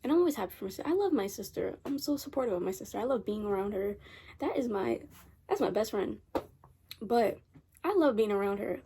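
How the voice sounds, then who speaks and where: A teenage girl tells a long story in a casual, rambling vlog from her bedroom late at night, circling back over the same points. Her voice is a little husky and mellow, sitting slightly high for a woman. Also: lively intonation, normal speed. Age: teens. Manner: chatty, rambling, repeats herself. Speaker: vlogger.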